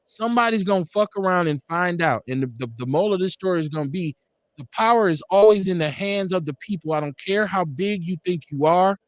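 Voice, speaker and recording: A fervent male talk-show host with a slightly raised pitch, his speech punchy, profane and preacherly. He hammers each point through repetition, recorded dry and close with almost no room sound. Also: fairly quick, no echo. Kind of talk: impassioned political talk-show commentary.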